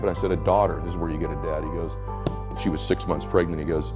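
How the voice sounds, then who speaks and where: Deep-voiced emphatic man telling stories. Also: a little fast, a little mellow, soft background music. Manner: emphatic, storytelling, acts out quotes. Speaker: interview guest, coach. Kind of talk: motivational interview talk.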